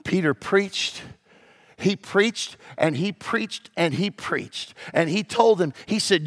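A male pastor delivers a sermon to his congregation in a church. His voice sits high. He drops to a hush and then climbs to shouted peaks, preaching with dramatic swings. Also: animated, slow.

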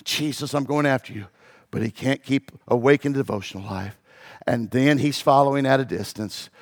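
A man preaching as a pastor, moving from hushed, low passages to loud, shouted peaks. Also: moderate pace. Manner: dramatic, swings from hushed to shouting. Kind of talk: sermon. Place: church.

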